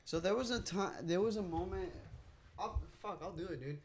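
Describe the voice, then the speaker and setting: Swearing, animated young man telling stories. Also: sits high, normal speed, noisy background. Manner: animated storyteller, heavy swearing. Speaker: podcast co-host. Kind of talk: casual chat. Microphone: podcast mic at a table.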